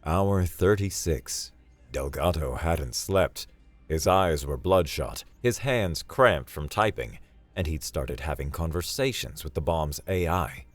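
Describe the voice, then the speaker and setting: A man narrating a sci-fi story in a dry, steady storytelling manner. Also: very deep voice, takes it slowly, no room sound, faint music behind. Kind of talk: scripted narration.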